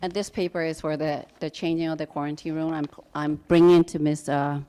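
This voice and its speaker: A mother giving an emotional, halting public comment at a school board meeting, pleading with the board. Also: low-pitched, little pitch movement, dark tone, clean tone. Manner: pleading, halting, restarts often.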